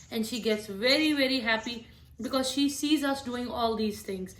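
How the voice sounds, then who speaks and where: A young mother speaks in a casual, friendly way as she walks through tips on reading to her little ones. Her voice sits a bit high, and she explains things patiently with the odd filler. The room adds a noticeable echo. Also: normal speed, a bit bright. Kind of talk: casual instructional talk showing books. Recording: roomy echo.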